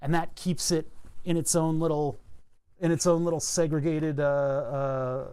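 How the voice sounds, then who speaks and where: Halting man muttering while debugging. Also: a little high, little pitch movement, mellow, clear, resonant tone. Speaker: streamer. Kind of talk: casual live-stream thinking aloud.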